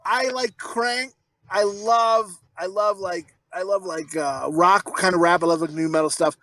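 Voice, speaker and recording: High bright-voiced dude on a podcast, crude and sweary, rambly stories. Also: male voice, fairly even intonation, measured pace, low-quality recording. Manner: crude, profane joking and teasing; rambling storyteller. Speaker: podcast co-host. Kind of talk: casual chat.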